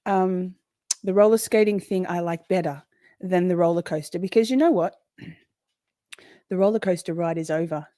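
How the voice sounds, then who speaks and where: Woman, 40s, livestream host: loose, chatty, swears freely, lower-pitched voice, dry close sound. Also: moderate pace, long pauses, mellow, no echo. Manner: chatty, swears, greets viewers by name. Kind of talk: casual livestream chat.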